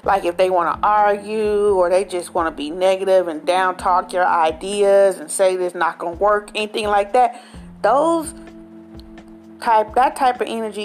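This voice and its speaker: A woman vlogger talking straight to her viewers in a casual, animated, slang-filled way, often tagging lines with "okay?". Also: medium pitch. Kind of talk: casual direct-to-camera chat.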